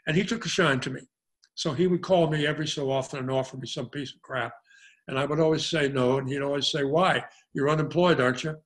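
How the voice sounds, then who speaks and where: Older male actor, storytelling guest, mid pitch, animated anecdotes with acted quotes. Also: fast. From Arkansas.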